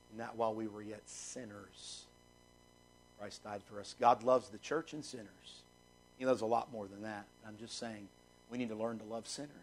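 A man's voice: vocal fry, poor audio. A man preaching a sermon, emphatic, repeating phrases and swinging his voice up and down for emphasis. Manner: emphatic preaching with wide swings in pitch and loudness. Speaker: pastor.

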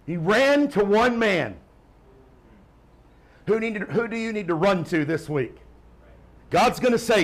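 A man preaching a sermon in church, swinging from emphatic calls to quiet, joking asides. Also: on the high side, expressive, measured pace, long pauses, slightly rough. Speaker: pastor.

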